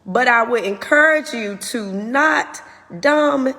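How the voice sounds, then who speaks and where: A woman's voice: a little high, takes it slowly, bright, forceful tone, long reverb tail. A woman hosting her own show, candidly telling a personal testimony in an earnest, open way. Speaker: host.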